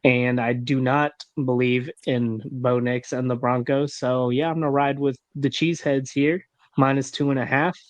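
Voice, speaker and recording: A man goes through betting picks in relaxed casual sports chat, easygoing and chuckling. His voice sits at an ordinary pitch. The recording is dry and close. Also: moderate pace, dry recording. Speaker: podcast co-host.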